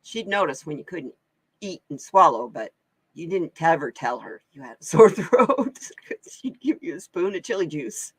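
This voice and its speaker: A woman's voice: on the low side, big pitch swings, husky, dry recording. Woman, from Oregon, live-stream host, casual chat, exclamatory, laughs a lot, dry close sound. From Oregon, USA. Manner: chatty, exclamatory, quick to laugh. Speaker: host and card reader.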